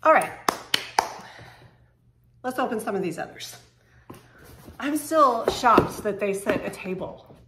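Gushing woman unboxing in an echoey room. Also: medium pitch. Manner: excitable, gushing, quick bursts of surprise. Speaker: lifestyle vlogger unboxing home decor. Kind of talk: casual unboxing chat to camera. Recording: echoey room with faint noise.

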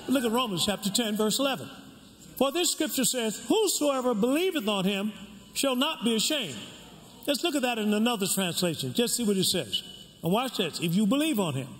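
An older man, a pastor, preaching a sermon with call and response and shouting out to the crowd. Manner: swings from shouts to low storytelling asides. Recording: reverberant hall, faint room noise.

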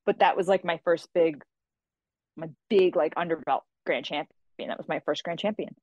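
Animated woman telling stories in a low voice. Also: moderate pace, dry recording, highs cut off. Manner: animated storyteller who acts out quoted voices. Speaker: guest author. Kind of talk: casual interview storytelling.

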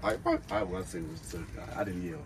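A man's voice: high voice, huge pitch swings, normal speed, creaky, a little hiss or hum. A man in a casual vlog chat, joking and arguing back defensively.

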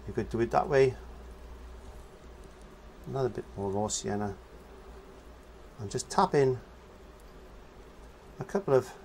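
A man's voice: mid-range voice, vocal fry, darkish tone, slight background noise. A man giving a casual painting lesson, chatting as he works and humming nonsense syllables while he paints. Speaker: painting teacher.

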